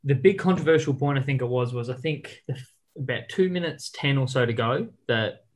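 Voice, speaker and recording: A man's voice: medium pitch, brisk. A man, co-hosting a casual sports chat over a video call and talking over the others. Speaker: podcast co-host.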